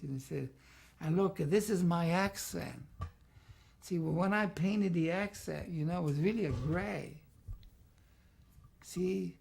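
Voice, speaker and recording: An older man with a gravelly, husky voice, looking back on his years as an art teacher. He talks in a loose, rambling way and keeps tossing in "see" as he explains. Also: high voice, a little mellow. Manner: rambling, peppers talk with "see". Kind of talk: reminiscing interview talk.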